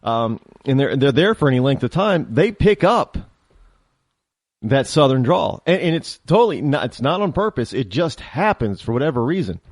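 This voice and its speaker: A man's voice: on the high side, no echo, studio quality. A man hosting his own talk show, delivering a rambling, opinionated monologue with many restarts and fillers.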